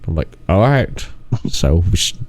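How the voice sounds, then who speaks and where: A man's voice: deep voice, very animated, moderate pace, vocal fry, no echo. A man hosting a podcast in casual chat, rambling through stories and acting out the quotes, laughing often. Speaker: podcast host.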